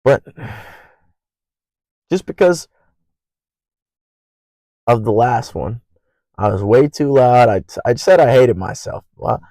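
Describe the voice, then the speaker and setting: A young man hosting his own podcast alone, rambling in an earnest, profane way and naturally loud. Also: mid-range voice, animated, slow, creaky, pauses often, no echo, poor audio. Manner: loud by habit. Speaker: podcast host. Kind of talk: casual solo podcast monologue.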